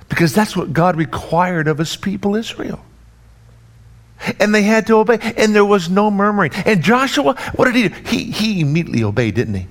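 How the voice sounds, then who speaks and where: A male preacher with a slightly high-pitched voice delivers his sermon in a driving, repetitive cadence. He builds phrases in threes, then falls quiet and low to drive the point home. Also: very animated, a little fast. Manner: emphatic repetitive preaching cadence, swinging between raised and hushed delivery.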